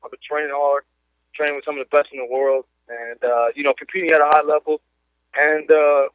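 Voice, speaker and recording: A man's voice: on the high side, level tone, a little fast, clean tone, no room sound. Confident man on a tinny phone line. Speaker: guest fighter. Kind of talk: phone interview.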